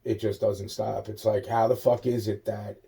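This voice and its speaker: A young man rants in a rambling, agitated stream, swearing constantly and circling back over the same words. His voice sits low with a dark, mellow tone, and he often drops into muttered asides. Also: flat delivery, normal speed, vocal fry. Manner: profane, repetitive, trailing off into muttered asides. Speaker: monologue speaker.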